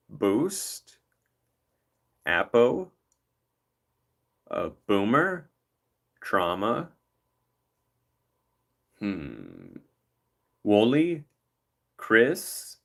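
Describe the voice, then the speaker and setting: A man's voice: on the low side, vocal fry, a bit bright. A man hosting a livestream, chatting casually with rambling jokes. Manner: rambling, joking, playful. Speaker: livestream host.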